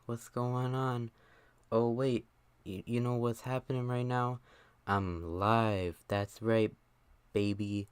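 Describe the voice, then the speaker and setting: A man's voice: mid-range voice, fairly even intonation, slow, smooth, no echo. A young man chatting on a live stream, out of breath, rambling and joking at himself with lots of fillers. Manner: rambling, self-mocking, many fillers. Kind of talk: casual live stream chat.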